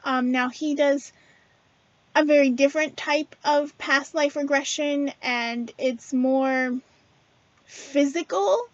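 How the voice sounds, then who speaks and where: A woman with a high, light voice talks casually and earnestly to her viewers, with plenty of ums and restarts. The sound is dry and a little dull, with no room echo. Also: takes it slowly. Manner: chatty and earnest, many fillers and restarts. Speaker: spiritual video host. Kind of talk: casual spiritual talk to camera.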